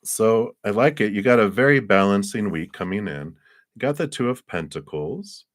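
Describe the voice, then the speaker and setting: A man with a very low voice reads tarot cards for viewers on a livestream. He wanders through his thoughts, hunting for the right words. He signs off with gentle, affectionate wishes. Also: animated, moderate pace. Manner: meandering, searching for words; gentle, affectionate sign-offs. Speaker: tarot reader.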